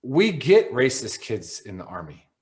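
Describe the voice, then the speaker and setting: A man's voice: mid-range voice, huge pitch swings, measured pace, darkish tone. A man co-hosting a veterans podcast, telling stories in a blunt, profanity-heavy, casual way. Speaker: podcast co-host.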